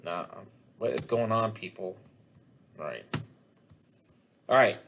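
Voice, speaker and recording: A middle-aged man teaches a physics class online via video call, taking it slowly and joking chattily with students between worked problems. His lowish voice is animated and a bit bright, with vocal fry, and there's slight background noise in this online lecture.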